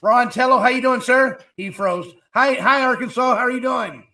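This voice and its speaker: A man hosting a live call-in stream, greeting callers with loud, upbeat energy. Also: very high-pitched, normal speed, creaky.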